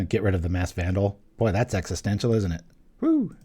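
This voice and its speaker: A young man commentates casually while he plays, thinking aloud and cracking small jokes as he goes. His voice sits on the lower side and has a mellow, warm tone. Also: steady tone, fast talker, slightly rough. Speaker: channel host playing an online card game. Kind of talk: live gameplay commentary.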